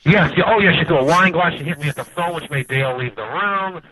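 A man phoning in to a talk show, with a slightly high and bright voice. He cuts in bluntly to correct and add to the story. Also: quick pace, dry recording, poor audio. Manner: blunt, eager to add details. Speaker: caller on the show. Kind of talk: casual phone chat.

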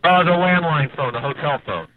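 A man's voice: fairly high pitch, expressive, moderate pace, dry recording, phone-quality sound. A man calling in to a radio show, bluntly adding details to a story in casual chat. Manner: blunt, eager to add details. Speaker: caller on the show.

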